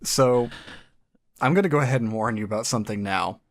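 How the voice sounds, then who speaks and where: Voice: medium pitch, fairly quick. Rambling, swearing podcast game master. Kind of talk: casual chat.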